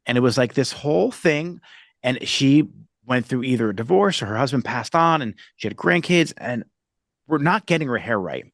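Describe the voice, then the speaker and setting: A man's voice: mid-range voice, expressive, moderate pace, dry recording, clean studio sound. A middle-aged man hosting a casual podcast chat, talking loosely with frequent restarts. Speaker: podcast host.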